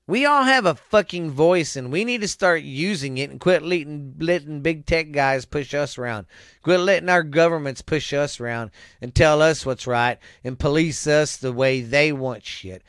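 A man with a slightly high voice pours out a profane, rambling rant at the close of his show. He swears in nearly every sentence and keeps circling back to how irritated he is. The sound is dry and close, with no room around it. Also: normal speed, a bit bright, clear, resonant tone, no echo. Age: adult with children. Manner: swears constantly, rambling and heated. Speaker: show host. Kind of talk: angry profane rant to listeners.

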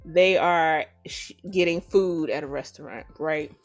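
A woman hosting a podcast who retells a story in a casual, animated and profane way. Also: deep voice, measured pace, soft background music. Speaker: podcast host. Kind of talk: casual chat.

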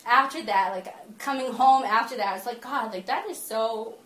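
A woman giving a sermon to a small group, mixing lively personal stories with earnest teaching. She laughs often as she talks. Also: a little high. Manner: slows down and softens for earnest teaching. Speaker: speaker giving a talk to a small gathering. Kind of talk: sermon mixed with personal storytelling. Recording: roomy echo with faint background ambience.

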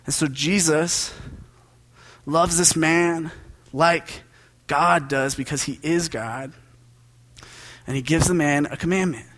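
A man's voice: a little high, a bit bright. A young man giving a casual, joking sermon as a preacher, talking to the congregation like friends. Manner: conversational and joking, with quick asides.

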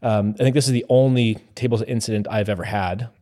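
A man hosting a podcast, telling a story in a casual, animated way and acting out his own past lines. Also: lowish voice, fast talker. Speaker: podcast host.

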